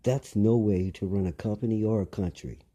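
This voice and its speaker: A man's voice: on the low side, normal speed, warm tone. A man delivering a rambling monologue, lecturing listeners, repeating phrases and asking them pointed questions.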